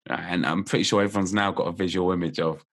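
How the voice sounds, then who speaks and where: A man appearing as a podcast guest and memory coach. He explains memory techniques in casual chat, lively and playful, laughing often as he goes. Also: low-pitched, quick pace.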